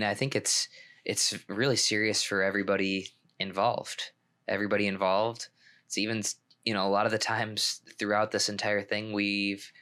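Low-ish guy cohosting a pickleball podcast, loose rambly talk, restarts a lot. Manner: relaxed, rambling with frequent restarts. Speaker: podcast co-host, pro pickleball player. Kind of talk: casual podcast chat.

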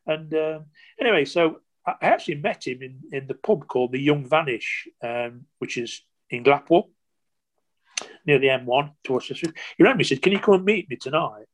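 Older ex-footballer reminiscing. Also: male voice, fairly high pitch, animated, fairly quick. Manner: rambling anecdotes with many restarts and quoted dialogue. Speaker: former footballer. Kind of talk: interview storytelling.

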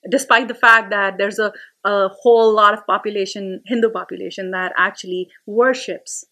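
A woman, a career workshop leader talking as an interview guest, explaining things with examples and animated little stories. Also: medium pitch, normal speed. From India. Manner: storytelling, animated, with frequent restarts. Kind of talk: casual conversational interview.

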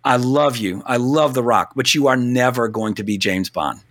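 Blunt, bright-voiced man ranting. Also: mid-range voice, normal speed. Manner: blunt, animated, swears casually. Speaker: podcast co-host. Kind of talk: casual opinionated film talk.

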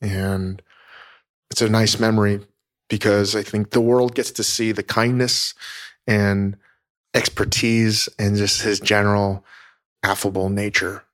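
Low-voiced man hosting a podcast, halting. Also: little pitch movement, a bit bright. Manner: halting, emotional, many restarts. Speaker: podcast host. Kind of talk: casual podcast talk. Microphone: teleconference recording.

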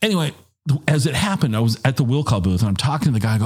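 A middle-aged man telling a long anecdote in a casual, animated way, jumping up in pitch when he quotes people. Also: rapid-fire, husky. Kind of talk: casual storytelling.

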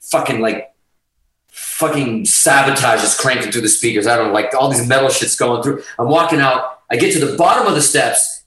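A middle-aged man from Portugal, a guest musician telling a story on a podcast in a lively, profane way, acting out the quotes. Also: mid-range voice, far from the mic. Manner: animated, profane, acts out quotes. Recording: echoey room, off-mic.

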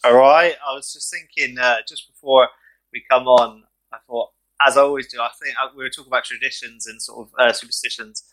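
A man co-hosting a casual podcast chat, telling stories animatedly in quick bursts. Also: mid-range voice, steady tone, fairly bright tone, rough recording. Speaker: co-host, mental health support worker.

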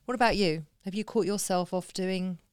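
A woman's voice: medium pitch, normal speed, a little mellow, smooth, no room sound. Earnest woman, dry close sound. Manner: earnest and reflective, supportive. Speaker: podcast co-host. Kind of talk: casual chat.

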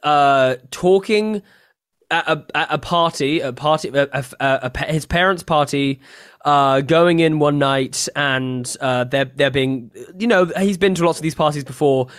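A player describing their character's backstory in a tabletop game, casual and halting, with many fillers. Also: medium pitch.

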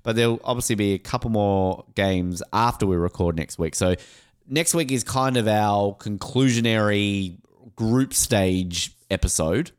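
A man from Australia co-hosting a casual soccer podcast, animated and joking, with quick asides. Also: on the low side, clean tone. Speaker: podcast co-host. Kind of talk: casual sports podcast chat.

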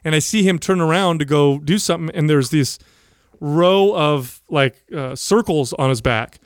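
A podcast co-host telling a prank story with teasing, playful delivery. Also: male voice, fairly high pitch, normal speed, clear, resonant tone, no room sound, clean studio sound. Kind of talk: casual storytelling chat.

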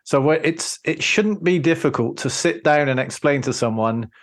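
A man's voice: fairly high pitch, moderate pace. A man with a British accent, hosting a podcast and explaining his views in a thoughtful, casual way. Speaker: podcast host. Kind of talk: casual interview talk.

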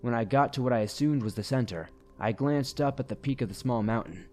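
A man narrating a first-person horror story in a steady, grave way, at a middling pitch. Faint music plays under his voice throughout. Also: brisk.

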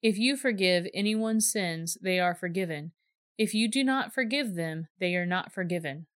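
Gentle calm male teacher, read by a woman, close dry storybook read. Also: lowish voice, moderate pace, dry recording, close to an everyday voice.

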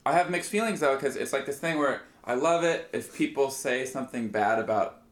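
A man's voice: medium pitch, animated, brisk, reverberant. A man from Nebraska chatting as a comedian guest, easygoing and self-mocking. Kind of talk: casual chat.

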